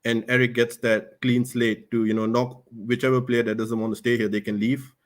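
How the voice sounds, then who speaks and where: A man's voice: medium pitch, little pitch movement, moderate pace. A man calling in to a football fan show, sounding glum and hesitant. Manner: glum, hesitant, many fillers.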